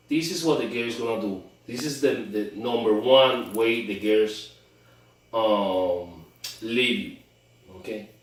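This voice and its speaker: A man coaching on dating, talking emphatically and often repeating and restarting his words. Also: mid-range voice. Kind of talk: instructional monologue. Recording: very echoey room, far from mic.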